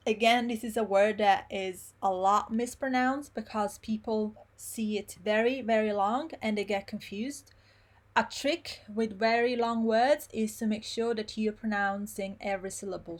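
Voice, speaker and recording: A woman teaching pronunciation in a live online lesson, repeating words slowly syllable by syllable. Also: a little high. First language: Italian. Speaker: Italian teacher.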